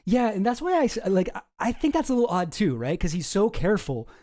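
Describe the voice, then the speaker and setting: A man hosting a loose commentary stream, wandering through his points with self-deprecating asides and frequent swearing. His voice sits a little high but sounds mellow and soft. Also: big pitch swings, fast talker. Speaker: streamer host.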